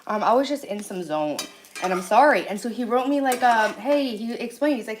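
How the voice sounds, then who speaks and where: A woman's voice: fairly high pitch, expressive, brisk, noisy background. A hungover woman in her thirties chatting bluntly on a live stream from her kitchen, reading out and answering comments. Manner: chatty, blunt, swings between loud and soft, reacts to chat. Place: home kitchen.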